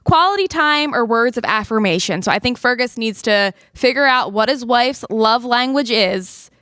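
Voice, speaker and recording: A woman's voice: fairly high pitch, expressive, normal speed, fairly bright tone, no echo. A woman co-hosting a casual TV studio chat, upbeat and explaining things plainly, leading into segments. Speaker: co-host.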